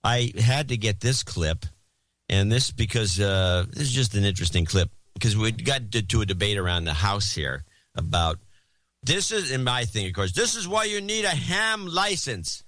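A man co-hosting a podcast with a lowish voice that moves a lot in pitch. He sounds wry and drily humorous, quick to correct details. The sound is close and dry. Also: animated, a bit bright, no room sound. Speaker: podcast co-host. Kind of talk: casual chat.

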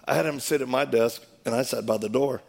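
A man telling a personal story in an animated way, acting out the quoted voices and laughing as he goes. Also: medium pitch, fairly quick, creaky.

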